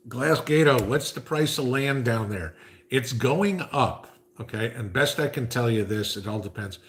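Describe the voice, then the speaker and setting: Reading out chat messages on his casual livestream, a man talks in a medium-pitched, slightly bright voice. Frequent "okay?" asides punctuate his chatter.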